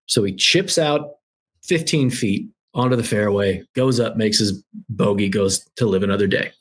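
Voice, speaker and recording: A man with a slightly husky voice tells a golf story as a guest on a show. He talks with lively energy, mimicking the people in the anecdote. The delivery is casual and conversational. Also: fairly low pitch, moderate pace. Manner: lively anecdotal storyteller, acts out quoted dialogue. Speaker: guest author. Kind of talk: animated storytelling.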